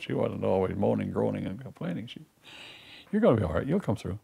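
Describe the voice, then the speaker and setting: A man's voice: fairly low pitch, sing-song, fast talker, vocal fry, warm tone, breathy edge. A man speaking in an interview as a patient's husband, plain-spoken and admiring. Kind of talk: interview testimony.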